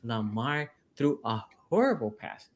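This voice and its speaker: A man's voice: medium pitch, very animated, measured pace. A man on a sports podcast debating his team's game, stressing points by repeating them. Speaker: sports podcast panelist, team fan.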